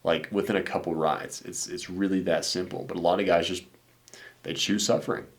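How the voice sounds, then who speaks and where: A man with a very low voice gives blunt, laid-back dating advice in casual commentary. He talks like he's chatting with a buddy, dropping "dude" and "man" and the odd curse word. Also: fairly even intonation, a little fast. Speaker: dating coach. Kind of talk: casual commentary reacting to viewer messages.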